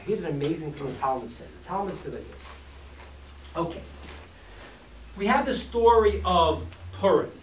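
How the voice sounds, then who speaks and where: Animated speaker teaching in an echoey room. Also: mid-range voice. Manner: animated, acts out quotes and jokes with the room. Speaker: teacher of a class. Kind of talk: informal talk to a live audience. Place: room with a live audience. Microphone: distant from the mic. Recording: echoey room, distant mic, faint hiss.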